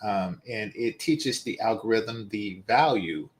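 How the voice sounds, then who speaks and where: A man in his forties with a lowish voice speaks slowly, hosting casual commentary. He is conversational and opinionated, addressing his viewers directly.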